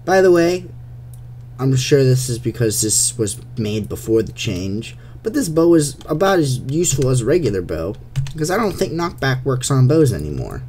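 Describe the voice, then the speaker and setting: A young gameplay commentator chats playfully as he plays, talking to the monsters along the way. His medium-pitched voice is sing-song and a little mellow at normal speed, picked up by a desktop USB mic with a little hiss or hum.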